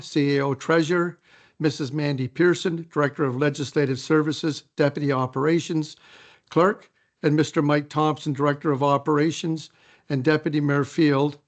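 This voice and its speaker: A man chairing a council meeting in a council chamber, reading his report and calling motions in a measured, procedural way. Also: a little high, fairly even intonation.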